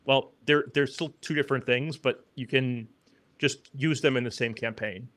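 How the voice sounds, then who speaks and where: A man co-hosting a podcast, explaining things in a relaxed, matter-of-fact way. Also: medium pitch, moderate pace, no echo. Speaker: podcast co-host. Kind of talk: casual explaining.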